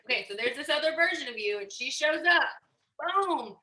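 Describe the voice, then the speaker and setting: Energetic female motivational speaker, emphatic and bright, echoey room. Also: sits high, normal speed, slight background noise. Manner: energetic, emphatic, acts out quotes. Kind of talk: motivational talk.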